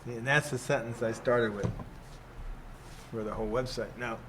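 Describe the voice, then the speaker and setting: Older male teacher, relaxed rambling delivery, constant "see?" check-ins. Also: mid-range voice, normal speed, background noise. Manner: rambling, keeps asking "see?", chuckles often. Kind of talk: casual teaching talk.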